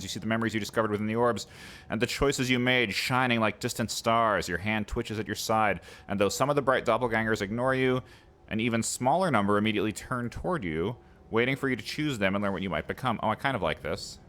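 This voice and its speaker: A man's voice: lowish voice, fast talker, a bit bright. A man hosting a let's play, reading the game's text aloud and breaking off for playful, chatty asides to his viewers.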